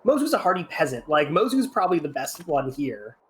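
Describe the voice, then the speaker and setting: A man's voice: a little high, very animated, fairly quick, a little hiss or hum. Matter-of-fact man co-hosting a game stream. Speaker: co-host. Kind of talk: casual game chat.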